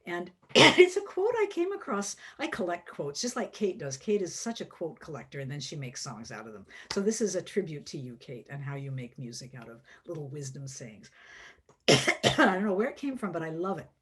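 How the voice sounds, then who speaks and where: A middle-aged woman song leader on a video call, reading a poem and teaching a song in a slow, gentle, reflective way. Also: low voice, sing-song, husky.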